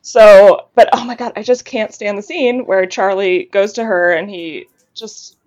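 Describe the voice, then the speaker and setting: A young woman, a podcast guest in casual chat, talking in an animated way, getting worked up and laughing often. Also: medium pitch, measured pace, dry recording, dull audio.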